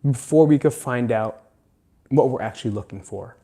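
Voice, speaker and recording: A man's voice: mid-range voice, moderate pace, warm tone. A man hosting a solo podcast, talking earnestly and emphatically, swearing often and close to tears. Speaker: podcast host. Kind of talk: emotional solo podcast monologue.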